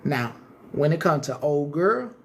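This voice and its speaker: A man's voice: on the high side, expressive, unhurried, gravelly, a bit bright, slight background noise. A man hosting a live stream, ranting casually and cursing heavily as he taunts his viewers directly and rambles through many restarts.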